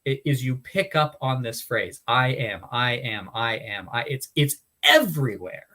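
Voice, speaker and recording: A man's voice: mid-range voice, big pitch swings, unhurried, bright, forceful tone. A man hosting a Bible study talk, explaining in an earnest, casual way with frequent restarts and fillers. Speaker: Bible study podcast host. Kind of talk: casual teaching chat.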